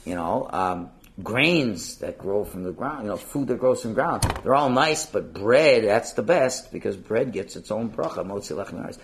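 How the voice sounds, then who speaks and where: Man teaching torah, lively up and down voice, casual and chatty, lots of questions. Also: fairly low pitch, normal speed, few pauses, a little hiss or hum. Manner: animated, conversational, rhetorical questions. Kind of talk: informal lesson.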